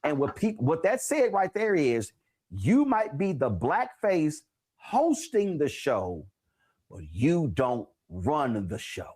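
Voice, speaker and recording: A man hosting a talk show and interviewing an author, telling stories with lively repetition for emphasis. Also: on the high side, slow. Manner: animated storyteller, repeats phrases for emphasis.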